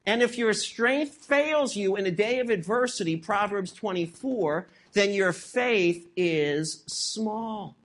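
A preacher delivering a sermon with steady emphasis. Key phrases get repeated for weight, and rhetorical questions are pressed at the listeners. The pitch sits in an ordinary middle range. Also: takes it slowly, few pauses. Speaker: pastor.

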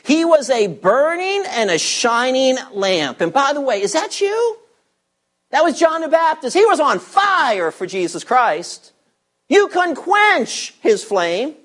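A man's voice: very high voice, very animated, measured pace, fairly bright tone. A man preaching a sermon, teaching verse by verse and asking his listeners rhetorical questions with strong emphasis. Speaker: pastor.

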